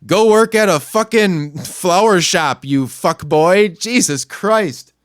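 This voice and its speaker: A man hosting a podcast, delivering a crude, angry rant that swings between low muttering and yelling. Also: slow pace, dry recording, clean studio sound. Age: adult, not much older than a young store clerk. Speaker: podcast host. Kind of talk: profane ranting monologue.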